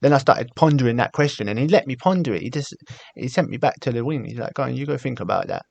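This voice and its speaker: A man's voice: medium pitch, fast talker, creaky, no room sound, highs cut off. A man, a podcast guest telling his story candidly in casual talk and acting out the voices he quotes. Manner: candid, animated when recounting, acts out quoted voices.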